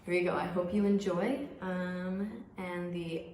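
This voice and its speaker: A young woman singer, soft-spoken and a bit nervous, casually introducing her acoustic song. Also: fairly low pitch, steady tone, a little slow, a little hiss or hum. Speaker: singer-songwriter. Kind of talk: casual intro before a live acoustic set. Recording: roomy, distant mic, loud guitar behind. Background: acoustic guitar.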